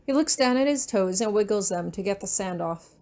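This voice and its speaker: A woman reading her fan fiction aloud in a gentle, unhurried storytelling manner. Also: medium pitch, lively intonation.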